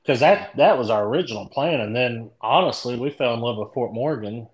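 This middle-aged dent repair tech from Indianapolis speaks with a Kentucky country accent as a guest on a casual podcast. He chats loosely, stretching his stories out in a drawn-out, rambling way. His voice is mid-range, and the audio quality is poor.

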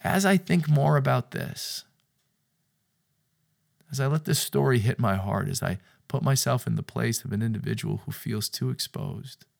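A man giving a sermon-style podcast talk, stressing his points by repeating phrases and moving from hushed near-whispers to loud bursts. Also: medium pitch, lively intonation, moderate pace, vocal fry.

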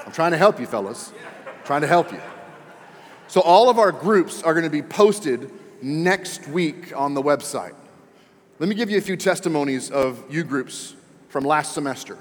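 A man's voice: on the high side, lively intonation, moderate pace, a little hiss or hum. A man preaching a sermon as pastor, speaking earnestly and emphatically, often repeating words for stress. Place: church auditorium. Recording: long reverb in a large hall, faint music.

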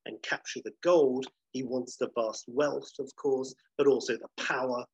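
A man's voice: mid-range voice, fairly even intonation, unhurried, vocal fry, husky, no room sound, muffled recording. A man casually retelling a film plot, chatty with many fillers, acting out the dialogue.

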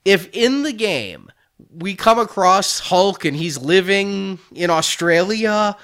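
A man's voice: sits high, animated, slow, a bit bright, smooth. A man hosting a casual chat about toy figures, chatty and joking, laughing often. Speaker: toy collecting podcast host.

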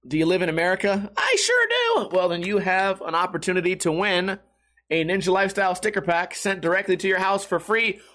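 With a high, fairly bright voice, a young YouTuber talks casually and aimlessly to his audience, laid-back and joking, swearing frequently and addressing people as dude.

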